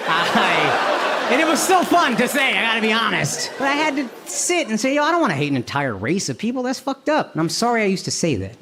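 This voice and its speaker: A man's voice: sits high, big pitch swings, fairly quick, background noise. A man doing profane stand-up crowd work on a club stage, teasing audience members. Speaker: stand-up comedian. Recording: live club recording, loud crowd laughter.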